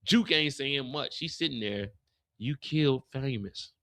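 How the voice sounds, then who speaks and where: A man's voice: mid-range voice, unhurried. A man hosting a live after show, recapping an episode casually and acting out the characters' lines as he goes. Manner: animated storyteller, acts out characters' lines.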